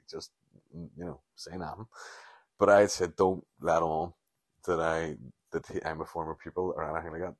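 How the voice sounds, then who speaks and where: A man's voice: sits low, fast, husky, dry recording. A Northern Irish man around forty, hosting a podcast alone and rambling through stories, swearing and laughing often. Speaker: podcast host. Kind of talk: casual solo podcast rambling.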